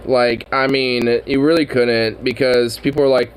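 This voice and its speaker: A man's voice: mid-range voice, little pitch movement, moderate pace, hardly any pauses, clear, resonant tone, poor audio. A man chatting casually, rambling and swearing, laughing often as he riffs on a story. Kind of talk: casual chat.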